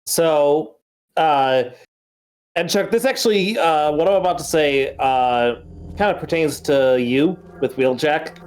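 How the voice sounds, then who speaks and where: A man's voice: a little high, slow. A man chatting casually as a guest on a gaming stream, rambling with lots of fillers. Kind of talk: casual chat.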